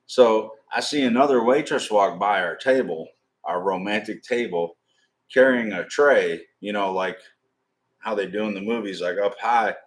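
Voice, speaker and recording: A man tells a loose, profanity-laced story on his live stream, rambling from one bit to the next. His speaking voice sits somewhat low, and he jumps up high when he acts out the people in the story. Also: moderate pace.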